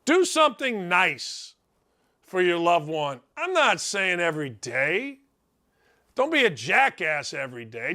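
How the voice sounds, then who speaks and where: Loud folksy radio host guy, high voice that swings all over, bright and brash. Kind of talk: animated opinion monologue.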